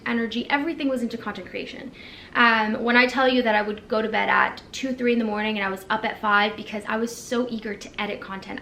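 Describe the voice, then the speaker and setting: Reflective and candid, a woman in her 20s speaks to the camera for a casual vlog, using plenty of fillers. She has a fairly high pitch and fairly bright tone, recorded in echoey sound with faint noise behind her.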